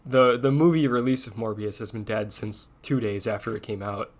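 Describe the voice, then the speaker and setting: A man's voice: fairly low pitch, moderate pace. Joking man on a casual podcast. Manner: animated, joking, does silly voices. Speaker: podcast co-host. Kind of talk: casual chat.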